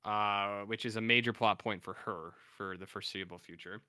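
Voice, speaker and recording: Rambling podcast host, low bright voice. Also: male voice, fairly even intonation, normal speed, smooth, dry recording, studio quality. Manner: rambling, self-correcting, profane. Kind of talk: casual chat recapping TV episodes.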